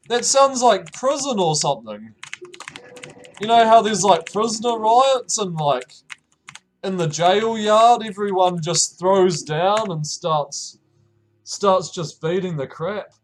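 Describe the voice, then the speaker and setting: Young new zealand man, high voice, slow easygoing chat, faint keyboard clicks behind. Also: animated, a little hiss or hum. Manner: laughs often, stumbling restarts, reacts with sudden high exclamations. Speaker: streamer. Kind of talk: casual chat reading chat messages aloud.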